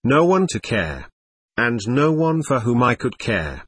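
A man's voice: medium pitch, sing-song, a little slow, fairly bright tone, breathy edge, no room sound, full character voice. A man voicing a weary, dying convict silversmith who tells his story in a weak, bitter way.

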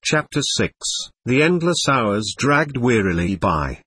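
A man reading a first-person story aloud, narrating in a measured way and voicing the dialogue himself. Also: mid-range voice, sing-song, fairly bright tone, husky, dry recording. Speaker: audiobook narrator. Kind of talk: scripted narration.

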